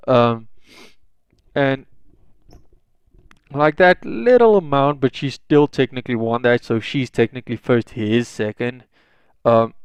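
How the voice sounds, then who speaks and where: A man's voice: mid-range voice, darkish tone, smooth, no room sound. Young guy riffing a fanfic plot, swears a ton, lots of ums, dry close mic. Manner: rambling, heavy swearing, many fillers. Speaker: fan fiction storyteller. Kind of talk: casual improvised storytelling.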